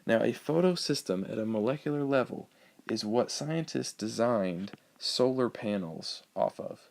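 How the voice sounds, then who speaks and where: A male biology teacher giving a recorded lecture over slides, explaining in a relaxed way with frequent ums and uhs. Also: medium pitch, measured pace, gravelly.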